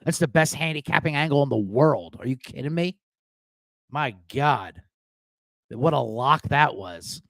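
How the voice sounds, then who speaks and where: Lively, profane middle-aged male podcast host. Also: medium pitch, a little slow, vocal fry, dry recording, clean studio sound. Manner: rambling, profane, jokey asides. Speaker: sports betting podcast host. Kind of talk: casual live show chat.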